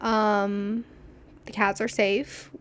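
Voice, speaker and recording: A woman's voice: mid-range voice, little pitch movement, very slow, smooth. A young woman hosting a podcast, telling stories in a rambling, casual way, laughing often and acting out what people said. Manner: chatty, rambling, laughs often, acts out quotes. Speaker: podcast host. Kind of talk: casual storytelling chat.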